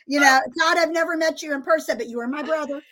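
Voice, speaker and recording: A woman's voice: high voice, quick pace, pushed and bright. A middle-aged woman hosting a live broadcast interview, enthusiastic and chatty, laughing often. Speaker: host.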